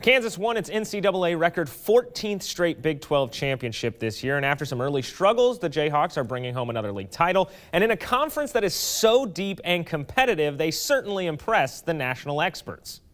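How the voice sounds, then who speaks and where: A male co-host reads a sports preview in a bright, conversational way. His voice sits high for a man. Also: very animated, fairly quick, hardly any pauses.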